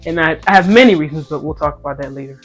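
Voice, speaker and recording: A speaker in their twenties telling a casual story and then a Bible talk to viewers, animated and playful, swinging between loud outbursts and hushed asides. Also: mid-range voice, very fast. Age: 20s. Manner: playful slangy banter with viewers. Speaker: content creator. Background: faint background music.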